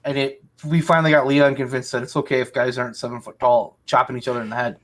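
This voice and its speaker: A man's voice: medium pitch, little pitch movement, quick pace, fairly bright tone, a little hiss or hum. Ranting, swearing man on a podcast. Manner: angry ranting, heavy swearing. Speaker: podcast host. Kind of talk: casual chat.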